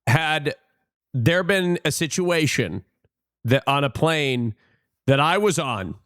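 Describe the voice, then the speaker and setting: Animated man chatting over clips. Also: on the high side, slow, no room sound, clean studio sound. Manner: chatty, animated, wondering aloud. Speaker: streamer reacting to clips. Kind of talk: casual live-stream commentary.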